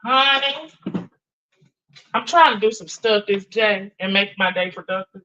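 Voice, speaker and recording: A woman's voice: medium pitch, sharp tone, muffled recording. A middle-aged woman hosting a livestream, chatting casually and profanely while doing chores, calling her viewers honey and girl. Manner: drawn-out emphatic storytelling. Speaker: livestream host.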